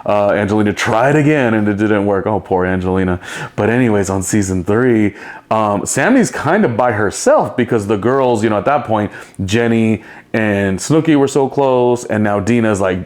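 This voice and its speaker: A man's voice: on the low side, expressive, normal speed, a little mellow. A man hosting a solo podcast, talking in a chatty, rambling way and laughing often. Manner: chatty and rambling, with playful impressions and frequent laughs. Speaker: podcast host. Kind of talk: casual solo commentary.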